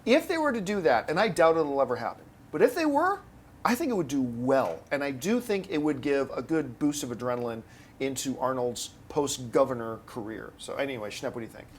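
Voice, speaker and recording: A male host on a casual film-news panel, his pitch swinging widely as he makes his case. He talks in punchy bursts with a few fillers, over a faint hiss of background noise. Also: fairly quick. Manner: animated, argues with bursts of emphasis.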